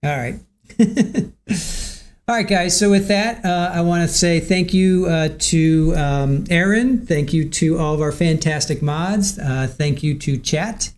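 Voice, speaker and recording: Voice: medium pitch, unhurried, darkish tone. A livestream host wrapping up a show, chatty and rambling with many fillers. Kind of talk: casual livestream chat.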